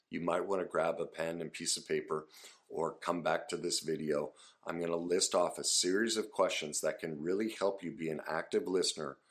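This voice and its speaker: A man giving an earnest, conversational lesson on listening, with casual fillers and restarts. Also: sits low. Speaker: instructor teaching listening skills. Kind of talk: casual instructional talk to camera.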